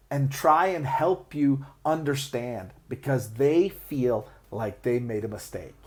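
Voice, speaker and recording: Guy teaching english phrases, talks slow, voice goes up and down a lot, says uh a lot. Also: medium pitch, darkish tone. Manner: chatty, with frequent "uh" and self-restarts; acts out sample replies and laughs between examples. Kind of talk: explaining tips to English learners.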